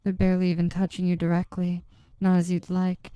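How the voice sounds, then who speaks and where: Smooth, low-pitched woman narrating slowly. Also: monotone, warm tone, dry recording, rough recording. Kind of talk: second-person erotic story narration.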